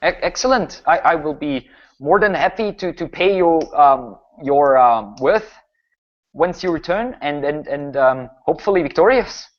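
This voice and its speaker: A man's voice: on the high side, expressive, moderate pace, dull audio, pitched above the performer's own voice, close to an everyday voice. A man voicing a worried village baron who stammers and halts anxiously. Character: worried middle-aged male village baron.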